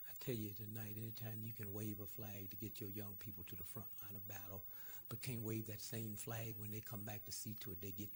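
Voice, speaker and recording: A man giving an impassioned, sarcastic lecture, swinging between shouting and hushed asides. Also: fairly low pitch, little pitch movement, brisk, slight background noise. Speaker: public speaker. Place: lecture hall.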